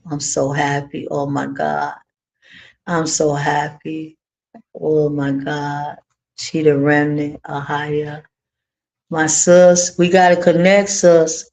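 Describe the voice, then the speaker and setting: An online Torah teacher speaks slowly and informally to viewers, with joyful exclamations. Key points are repeated for emphasis. The tone stays colloquial and conversational throughout. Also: medium pitch, a little mellow. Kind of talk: livestream teaching and reacting to viewer comments.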